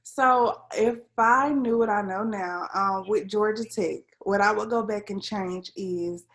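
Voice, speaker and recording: A young woman speaking as a guest in a casual interview. She talks in an earnest, storytelling way and drops in plenty of "um"s and "like"s. Her voice sits at an ordinary middle pitch for a woman. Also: measured pace, a bit bright. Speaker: interview guest, civil engineer.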